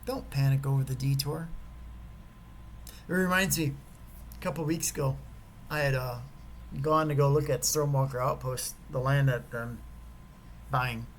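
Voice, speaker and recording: A man giving a motivational talk and telling a personal story. He is animated and swings between loud emphasis and hushed whispers. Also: medium pitch, a little slow, long pauses, slight background noise, low-quality recording. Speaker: motivational speaker.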